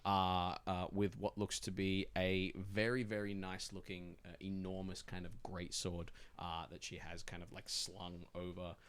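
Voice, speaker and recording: Low-voiced man narrating as game master. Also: completely flat delivery, a little slow, hardly any pauses, smooth. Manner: rambling descriptions with many fillers.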